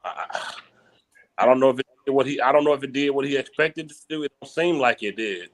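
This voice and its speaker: A man's voice: medium pitch, fast. A man hosting casual sports talk, laid-back and slangy, often repeating his points.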